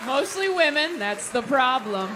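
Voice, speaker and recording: A woman's voice: high voice, unhurried. Young woman doing wry stand-up. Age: young adult. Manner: wry, deadpan delivery with bursts of playful shouting. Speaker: stand-up comedian. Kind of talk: stand-up comedy set. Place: stage in a comedy venue. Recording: live comedy club with a laughing crowd and noise.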